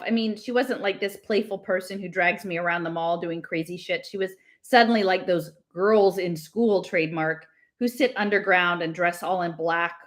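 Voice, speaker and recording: A woman reading a novel aloud in a casual manner, stopping now and then to laugh and comment on the text. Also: lowish voice. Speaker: reader.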